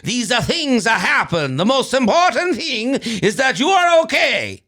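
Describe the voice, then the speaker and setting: A man voicing a sweet, kindly old man in his eighties with a put-on Greek accent, speaking slowly and emphatically. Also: very high-pitched, big pitch swings, voice pushed up, heavily acted. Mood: reassuring. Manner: slow, loud and emphatic.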